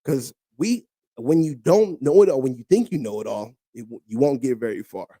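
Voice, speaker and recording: Laid-back man with a mellow voice. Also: medium pitch, expressive, moderate pace, dry recording, studio quality. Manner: loose and joking, gives advice. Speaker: podcast host. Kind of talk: casual chat.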